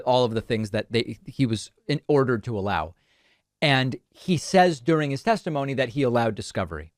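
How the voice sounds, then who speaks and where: A man's voice: medium pitch, no echo. A man hosting a show, giving dry, sardonic commentary on court footage. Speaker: show host. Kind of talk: news commentary over clips.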